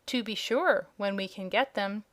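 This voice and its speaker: A woman's voice: medium pitch, unhurried, a bit bright, natural voice. Woman reading as a proud young dragonette. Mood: haughty polite. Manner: polite, regretful, slightly haughty. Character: proud young male dragonette, scaly and hungry. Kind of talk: audiobook character voice.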